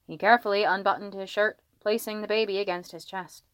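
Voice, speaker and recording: A woman narrating a fanfiction story in a steady storytelling read. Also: mid-range voice, brisk, hardly any pauses, clean tone, dry recording. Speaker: fanfiction reader. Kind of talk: audiobook narration.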